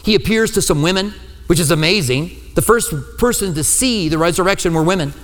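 A male pastor preaching a sermon, telling the story lively and acting out the quoted lines with humor. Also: high-pitched, fairly quick, long reverb tail.

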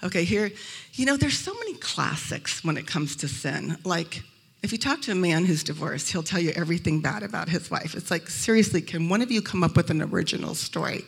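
A woman from Arizona giving a humorous faith talk to a live audience in a hotel event room. She tells lively stories and acts out the voices of the people in them. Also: fairly low pitch, brisk, vocal fry, slightly rough. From Arizona, USA. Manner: lively storytelling, acting out quoted voices. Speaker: speaker at a Christian event.

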